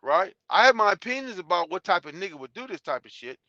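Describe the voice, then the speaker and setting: A man's voice: high-pitched, sing-song, quick pace, sharp tone, no room sound. A man hosting a live stream, talking bluntly and profanely in a rambling way with many restarts. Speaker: YouTube channel host. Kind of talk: live stream talk reading chat. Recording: dull lo-fi sound.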